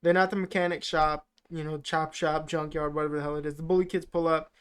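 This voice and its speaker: A man's voice: on the high side, flat delivery, fast talker, a bit bright, smooth. A man co-hosting a podcast, rambling through a casual film recap with lots of fillers and swearing. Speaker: podcast co-host.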